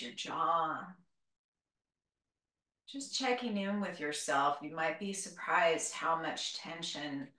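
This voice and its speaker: A woman teaching a live group yoga class, giving calm, gentle cues and a little out of breath. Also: on the low side. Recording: roomy, from a distance.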